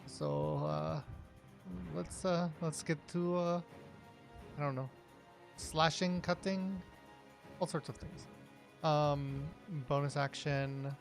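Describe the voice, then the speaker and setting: A man with a gravelly, fry-heavy voice talks through his turn in a tabletop game. He speaks hesitantly and thinks out loud, filling the gaps with likes and ums, while faint music plays underneath. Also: fairly high pitch, steady tone, slow, long pauses. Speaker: player. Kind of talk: casual tabletop game play.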